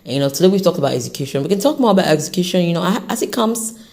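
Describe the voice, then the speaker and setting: A woman hosting an unscripted motivational podcast, talking off the cuff in an encouraging, animated way, with an accent she says shifts as she goes. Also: on the low side, rapid-fire. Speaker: podcast host.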